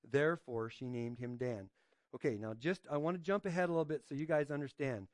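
A pastor giving an informal sermon, reading scripture and asking his listeners questions, often adding "right?" and pausing on fillers. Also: medium pitch, dry recording, studio quality. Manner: hesitant, with frequent fillers and restarts.

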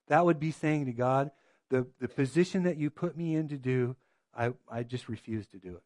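A man's voice: medium pitch, moderate pace, a little mellow, no echo. A man preaching a sermon as a pastor, earnest and full of rhetorical questions.

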